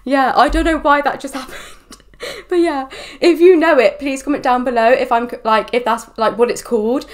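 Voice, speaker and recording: A woman's voice: high voice, fairly even intonation, brisk. A woman hosting a reaction video, chatting casually and rambling with lots of "like". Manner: chatty, rambling, full of "like" and "do you know what".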